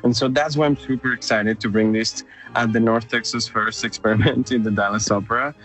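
An eager man with a Mexican Spanish accent talks in a loose, casual interview, starting sentences over as his enthusiasm runs ahead of him. His pitch sits in a middle range, and soft music plays faintly underneath. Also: fairly even intonation, brisk. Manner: enthusiastic, restarts often, sings out demonstrations. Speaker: opera company director, interviewee.

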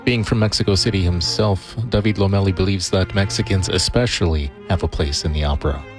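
Low-voiced male radio reporter over music. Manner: measured, even read. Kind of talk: scripted news narration. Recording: music bed under voice.

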